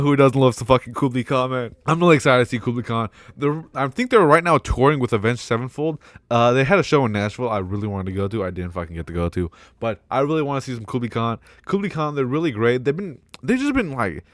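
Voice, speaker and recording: Excitable, cursing young man with a lively voice. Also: mid-range voice, quick pace, no room sound. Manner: excitable, swears a lot, laughs often. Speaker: vlogger. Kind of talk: casual rambling commentary.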